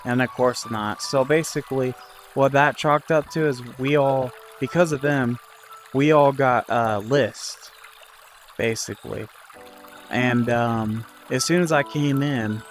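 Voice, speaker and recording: Male vlogger, mid pitch, loose rambling delivery with profanity, music bed behind. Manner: rambling, frequent fillers and profanity. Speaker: vlogger recounting a work dispute. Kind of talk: casual storytelling to camera.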